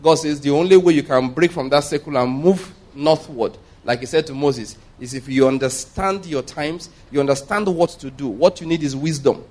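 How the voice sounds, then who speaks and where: A man's voice: on the high side, moderate pace, hardly any pauses, a little mellow. A man preaching a sermon, emphatic and repeating his points, asking the congregation rhetorical questions. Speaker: pastor.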